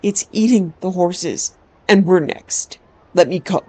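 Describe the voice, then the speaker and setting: A woman's voice: on the low side, slow pace, darkish tone. A woman voicing a frightened young male wood elf stable worker who pleads in a panic. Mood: terrified.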